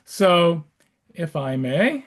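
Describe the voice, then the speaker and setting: A man's voice: on the high side, big pitch swings, extremely slow, a bit bright. A man in his sixties, a rabbi, teaching an adult class over a video call in a chatty way, with many fillers, restarts and wry asides.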